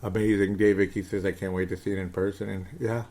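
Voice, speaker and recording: Man in his thirties, podcast host, lowish voice, hyper and rambling, casual chat. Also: fast talker. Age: 30s. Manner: hyper, excitable, rambling with laughs. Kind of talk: casual sports podcast chat reading comments.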